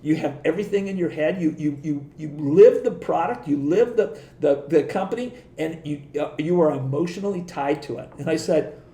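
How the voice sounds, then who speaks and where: Middle-aged guy spinning stories, lively, laughs a lot, mellow voice, echoey room. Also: on the high side, normal speed. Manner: animated, laughs often, acts out quoted voices. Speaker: podcast guest. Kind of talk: casual storytelling.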